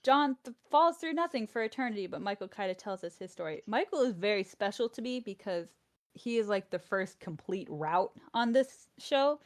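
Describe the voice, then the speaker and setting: A woman casually recapping episodes of a show to friends, animated and full of fillers. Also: medium pitch, moderate pace. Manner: chatty, animated retelling with many fillers. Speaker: presenter of a podcast recap. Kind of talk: casual chat.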